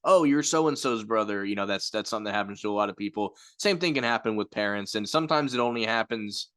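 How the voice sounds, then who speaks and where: Man, low voice, casual reflective film talk, long explanations. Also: animated, fast talker, a bit bright, clean tone. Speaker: film review podcast co-host. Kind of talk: casual chat.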